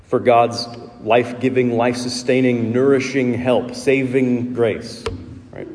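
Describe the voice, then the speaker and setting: A man's voice: medium pitch, mellow, long reverb tail. A man preaching a sermon as pastor, explaining the text in a conversational teaching way and posing rhetorical questions. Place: church sanctuary.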